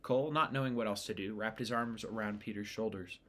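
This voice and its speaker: Male audiobook reader, low voice, steady storytelling pace. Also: fairly quick. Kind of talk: reading a novel aloud.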